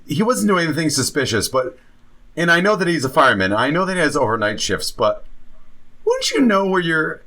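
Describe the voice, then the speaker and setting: A man's voice: medium pitch, sharp tone. A man co-hosting a film podcast, giving blunt, opinionated takes in casual chat and swearing now and then. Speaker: podcast co-host.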